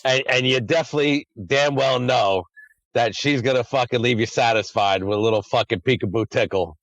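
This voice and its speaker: A man's voice: mid-range voice, a little fast, dry recording, lo-fi sound. A man hosting a podcast in a casual chat, rambling and swearing freely. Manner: crude, profane, rambling. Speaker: podcast host.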